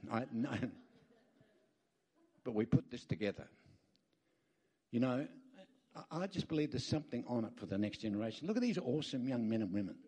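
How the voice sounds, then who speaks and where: A man's voice: medium pitch, lively intonation, fairly quick, pauses often, warm tone, slightly rough. An Australian man speaking as a guest at a church, preaching emphatically, telling folksy stories with rambling asides and calling out for amens. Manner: emphatic, calls out for amens from the crowd.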